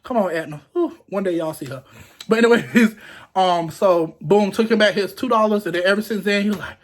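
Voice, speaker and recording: A young man casually telling a story to the camera, animated and acting out what people said, laughing often. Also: high-pitched, brisk. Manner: animated, acts out quotes in raised voices, laughs often.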